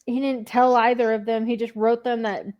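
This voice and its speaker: A woman's voice: fairly high pitch, flat delivery, normal speed, highs cut off. A young adult woman co-hosting a book club podcast, talking casually, laughing often and swearing freely. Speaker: podcast co-host.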